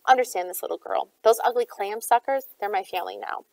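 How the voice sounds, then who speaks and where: A cold outlaw boss who barks curt orders and turns sarcastic, read by a woman in a storybook voice. The voice has a gravelly edge to it, and it sounds dry and close to the mic. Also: mid-range voice, fairly quick, a little mellow, no room sound, far from the mic, close to an everyday voice, low-quality recording. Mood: harsh. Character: gruff adult male outlaw leader, cold and harsh.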